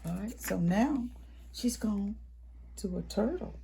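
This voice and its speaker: A woman reading a picture book aloud at a library storytime for preschoolers, animated, with gasps and whispered asides to the children. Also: mid-range voice, slow pace, gravelly, a little hiss or hum.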